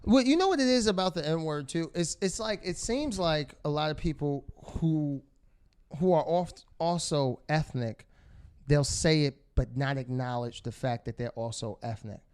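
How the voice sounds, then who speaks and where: A man's voice: on the high side, moderate pace, darkish tone, smooth. A man co-hosting a podcast in casual chat, teasing and laughing often. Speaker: podcast co-host.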